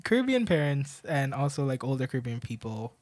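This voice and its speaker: A young Canadian-born man talking in a relaxed podcast chat, lively and quick to laugh, leaning on fillers. His voice sits at an ordinary middle pitch. The sound is dry and close, with no room echo. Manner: animated, laughing, many fillers. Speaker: podcast co-host. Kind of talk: casual group chat.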